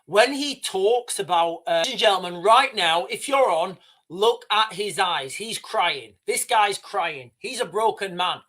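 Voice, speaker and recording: A man hosting a livestream, giving impassioned, halting commentary with restarts and blunt swearing. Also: high voice, expressive, a bit bright. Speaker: livestream host. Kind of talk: emotional live commentary.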